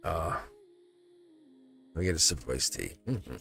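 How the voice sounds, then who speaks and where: A man's voice: a bass voice, sing-song, a little slow, gravelly, a bit bright. A man hosting a live tarot reading in casual spiritual talk, rambling and repeating phrases, chuckling often. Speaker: tarot reader livestream host.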